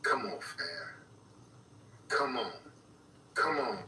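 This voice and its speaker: A man's voice: medium pitch, lively intonation, slow, bright, forceful tone. A man commenting on an audio recording in a played clip, speaking to viewers and repeating the words he hears in it. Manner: talks to viewers, voices what he hears in the audio. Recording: echoey room from far off, faint noise.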